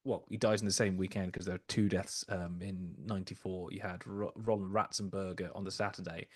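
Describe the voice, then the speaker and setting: A man's voice: deep voice, flat delivery, fairly quick. A man chatting casually on a podcast, telling anecdotes and acting out quotes. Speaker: podcast co-host. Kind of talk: casual storytelling chat.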